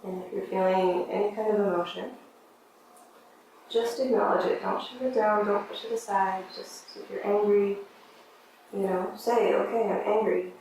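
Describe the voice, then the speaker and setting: Woman yoga teacher with gentle, encouraging cues, mid-pitched, heard from a distance in a very echoey room with faint room noise. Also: fairly even intonation, normal speed. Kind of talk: guided yoga class instruction.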